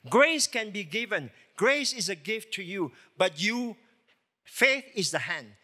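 A man's voice: high voice, sharp tone. A man preaching a sermon as lead pastor, emphatic and full of rhetorical questions.

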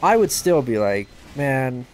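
A man casually commenting on a game livestream and reading chat aloud, joking at his own expense and yelping out loud during play. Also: normal speed, a little hiss or hum. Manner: excitable, bursts into high yelps during play; self-deprecating, joking. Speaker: gaming livestreamer.

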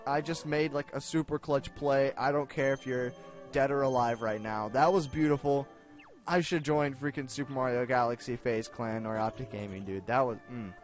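A young man commenting on his own gameplay, excitable, self-mocking, and given to shouting at the game. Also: medium pitch, moderate pace, faint music behind. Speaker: gaming video host. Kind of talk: let's play commentary.

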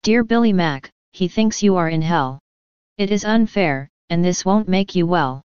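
A woman reading a gentle female angel's lines in rhyming verse, in an even storybook delivery. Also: on the low side, unhurried, clean tone, no room sound, muffled recording. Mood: consoling. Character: gentle female angel comforting her husband.

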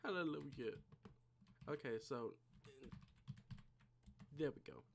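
Gamer muttering to themself while playing, slow drawl, mid pitch, keyboard clicking behind. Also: animated, gravelly, a little hiss or hum. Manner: mumbling, thinking aloud to self. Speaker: gaming channel creator. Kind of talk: casual gameplay commentary.

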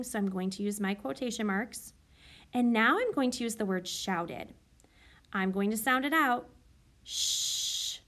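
Woman primary teacher, slightly high voice, slow careful enunciation, spells words out for young kids. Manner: slow and deliberate, sounding out words letter by letter; encouraging, clearly enunciated teacher voice. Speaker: elementary school teacher. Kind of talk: recorded writing lesson for young children.

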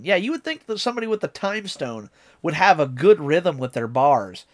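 A man's voice: on the high side, very animated, moderate pace. A man streaming a casual reaction, chatty and enthusiastic as he explains lyrics.

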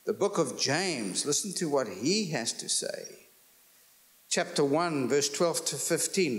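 Man preaching real slow, mid pitch, keeps asking the crowd if they're with him. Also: lively intonation. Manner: slow, emphatic teaching, asks the audience questions. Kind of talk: sermon.

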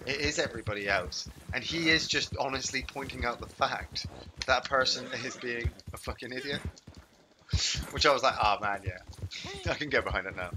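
A man's voice: medium pitch, background noise. A man streaming a game, chatting loosely and swearing freely as he plays. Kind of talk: casual gaming chat.

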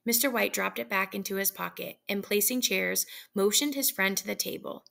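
Gravelly-voiced woman reading a story. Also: mid-range voice, moderate pace. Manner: plain, steady narration with casual asides. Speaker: reader.

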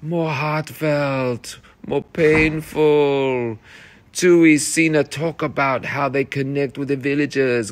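A man sits reading notes to his cast after a rehearsal, running through each performer in turn. He praises freely and repeats instructions to make them stick. His voice sits at an ordinary middle pitch. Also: steady tone, slow. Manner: encouraging, reads notes aloud, repeats phrases. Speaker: theatre director.

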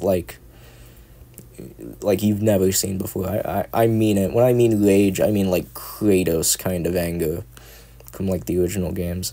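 A man's voice: fairly low pitch, dark tone. A young man chatting casually at home into a cheap microphone, rambling, swearing and making self-mocking jokes. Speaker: ASMR content creator.

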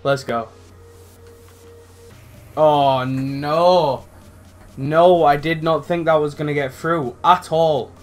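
A young man commentating his own football video game matches, excitable and rambling, swearing freely and shouting at big moments. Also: fairly high pitch, takes it slowly, long pauses, faint music behind. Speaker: gaming channel host. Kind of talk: live gameplay commentary.

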